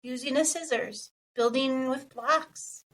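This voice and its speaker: High-voiced woman explaining, a little off-mic. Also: slow pace, recorded from a distance, low-quality recording. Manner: steady, explanatory, listing examples. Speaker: podcast co-host, occupational therapist. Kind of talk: casual podcast chat, explaining.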